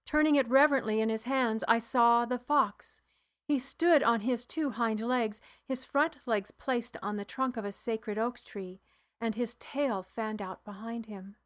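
A woman reads a first-person novel aloud in a measured, hushed way. Her pace is slow and unhurried, and her voice sits a bit on the high side. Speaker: audiobook narrator. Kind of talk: first-person audiobook narration.

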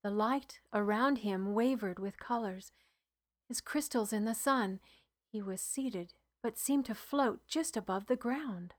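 Slow, hushed woman narrating a novel. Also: on the high side. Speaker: audiobook narrator. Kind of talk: first-person audiobook narration.

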